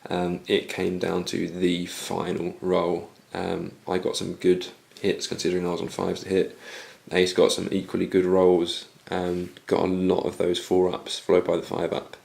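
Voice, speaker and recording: A man recapping his turn in a tabletop wargame battle report, going hoarse as he loses his voice. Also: low voice, normal speed, hardly any pauses. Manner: steady recap of dice results. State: losing his voice. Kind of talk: casual battle report commentary.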